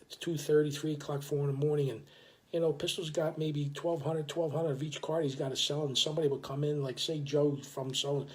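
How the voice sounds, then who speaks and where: An older man telling a story in a casual, animated, profane way, full of restarts. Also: fairly high pitch, fairly quick.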